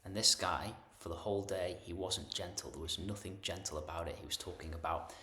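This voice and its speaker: A man telling a personal story in a soft, often hushed, near-whispered voice. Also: sits low, steady tone, a little fast. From United Kingdom. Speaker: spiritual teacher. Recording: echoey room.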